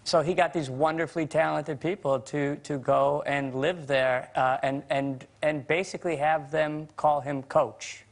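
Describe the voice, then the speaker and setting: A man's voice: a little high, fairly even intonation, unhurried, few pauses. A man answering a chat show question hesitantly, with many fillers. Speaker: guest actor.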